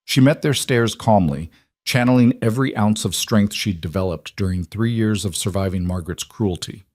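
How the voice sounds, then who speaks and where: Male narrator, low voice, dry close sound, measured scripted storytelling. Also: a little mellow, no room sound.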